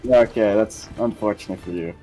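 A man's voice: on the low side, moderate pace, warm tone, faint music behind. Laid-back young male co-host. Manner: laid-back, loose storytelling with slang. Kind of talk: casual movie recap chat while gaming.

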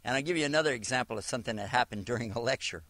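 A man's voice: mid-range voice, racing, fairly bright tone, dry recording. A man from Virginia giving a religious teaching talk as an Islamic lecturer, telling a story and acting out the dialogue. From Virginia, USA.

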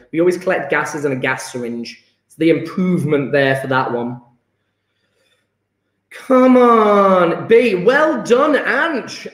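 A man's voice: high-pitched, reverberant. A male chemistry teacher, teaching an enthusiastic, emphatic online lesson and calling on his students by name.

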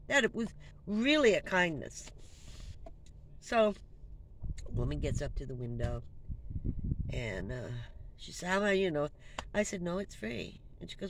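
A woman vlogger telling a personal story in a casual, conversational way, trailing off and restarting and dropping to a hush in the sad parts. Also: low-pitched, rough recording. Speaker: van-life vlogger. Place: inside her van. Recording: clear ambient background noise.

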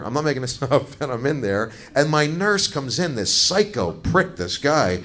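A man's voice: medium pitch, expressive, moderate pace, few pauses, a bit bright. A man doing a crude, self-mocking stand-up comedy routine, telling a story to a laughing audience. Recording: noisy live comedy recording.

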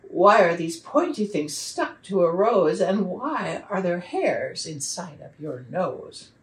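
Curious little storybook girl, a woman putting her on, high wondering questions, big pitch swings, heard from a distance. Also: big pitch swings, slow. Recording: roomy sound from a distant mic.

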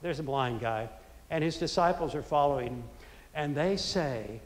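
A man preaching a sermon in a church, telling scripture stories with lively, acted-out quotes. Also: a little high, measured pace. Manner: animated storytelling, acting out scripture quotes. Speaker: pastor. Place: church sanctuary. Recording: echoey church hall.

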